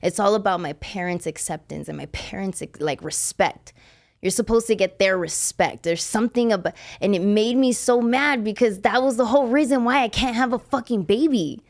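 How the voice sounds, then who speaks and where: A woman's voice: mid-range voice, moderate pace. Blunt, profane young woman telling her story. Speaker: podcast host. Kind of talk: casual podcast chat.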